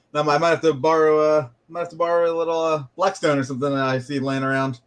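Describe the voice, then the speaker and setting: A man's voice: a little high, level tone, a little fast, clean tone. A man co-hosting a podcast in casual chat, easygoing and agreeable. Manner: easygoing, agreeable, laughs along. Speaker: podcast co-host, chef.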